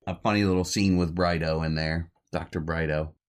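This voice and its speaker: Man with a low voice, a rambling, chuckling host casually recapping a film. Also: steady tone, moderate pace, clean tone. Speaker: podcast host.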